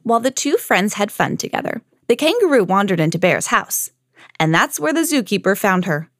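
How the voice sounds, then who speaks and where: A woman hosting a children's read-along podcast, reading a picture book aloud in a clear, gentle storytelling manner. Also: mid-range voice, big pitch swings, moderate pace, dry recording, studio quality.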